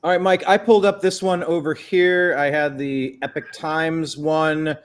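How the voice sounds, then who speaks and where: A man's voice: on the high side, steady tone, unhurried, clear, resonant tone. A man co-hosting a live online show, chatting casually and reading out viewer comments. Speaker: co-host.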